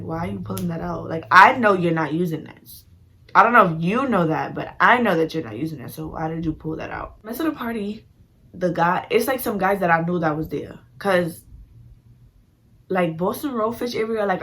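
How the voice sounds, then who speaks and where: Animated young woman. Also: on the low side. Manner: animated, slangy, full of "like" and acted-out quotes. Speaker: vlogger. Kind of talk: casual storytime.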